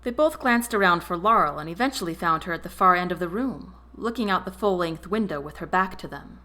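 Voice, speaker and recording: A woman narrating a romance novel chapter in an expressive reading voice. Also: fairly low pitch, a little fast, hardly any pauses. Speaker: audiobook narrator. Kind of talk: storybook narration.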